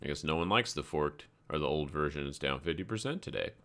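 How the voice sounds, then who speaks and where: A man's voice: very deep voice, expressive, fast, a bit bright. A man hosting a live crypto trading stream, talking casually through charts and stories in a rambling, laid-back way and swearing freely. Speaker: crypto trading livestream host.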